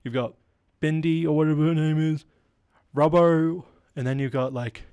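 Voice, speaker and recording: A man's voice: a little high, fairly even intonation, normal speed, mellow, clean tone, no room sound. Rambling self-deprecating man, stuffy nose. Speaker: podcast host. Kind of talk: rambling solo comedy podcast.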